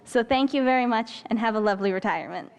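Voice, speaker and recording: A woman's voice: a little high, quick pace, clear, resonant tone. A young woman in her late teens, a former student, giving an earnest and articulate farewell speech to a retiring teacher.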